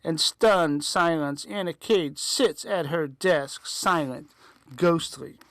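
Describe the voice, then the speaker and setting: Slow, clear-voiced male storyteller. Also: fairly high pitch, a bit bright, no room sound. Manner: slow, deliberate reading. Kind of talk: dramatic story reading.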